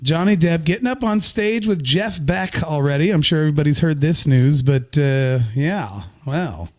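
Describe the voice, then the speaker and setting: A man's voice: fairly high pitch, expressive, moderate pace. Joking man co-hosting a podcast. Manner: joking, teasing banter. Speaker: podcast co-host. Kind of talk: casual livestream chat.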